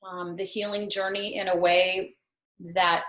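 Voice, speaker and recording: A woman's voice: fairly low pitch, flat delivery, measured pace, fairly bright tone. Earnest woman in her fifties, roomy sound. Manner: earnest, reflective, lightly self-mocking. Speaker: guest, yoga teacher. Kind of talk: personal storytelling in a talk show. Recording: roomy echo.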